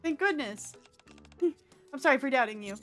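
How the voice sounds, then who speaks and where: A woman's voice: high-pitched, expressive, a little slow, fairly bright tone, faint music behind. Woman voicing a stammering, panicky shut-in girl. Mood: relieved. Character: timid shut-in girl, frantic and clingy.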